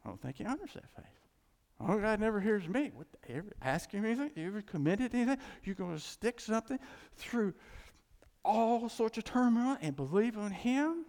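A man preaching a sermon as pastor, animated, swinging from loud cries to quiet asides. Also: high voice, fairly quick. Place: church. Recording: long hall reverb.

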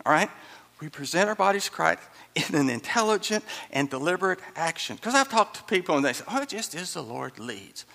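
Man, pastor, sermon, gravelly voice, bright and forceful, repeats phrases for emphasis, long church reverb. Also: a little high. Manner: animated, repeats key phrases for emphasis, chuckles while preaching.

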